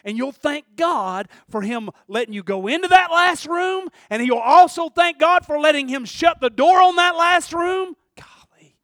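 A male preacher delivers a fervent sermon in a strikingly high voice. He swings between shouted bursts and hushed, storytelling stretches. The sound is dry, with no room around it. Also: animated, measured pace, hardly any pauses, dry recording.

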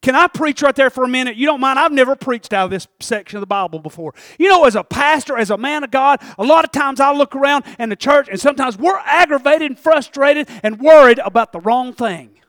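Male pastor, sermon delivery, very high-pitched, dry close recording, builds to shouts. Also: animated, fairly quick, hardly any pauses, dry recording. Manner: swings from low reading to shouting fervor.

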